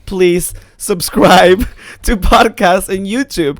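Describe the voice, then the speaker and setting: A man co-hosting a podcast in casual chat, with a raspy, tired-sounding voice and an animated, profane way of talking. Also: sits high. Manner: animated and profane, rushing through asides. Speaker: podcast co-host.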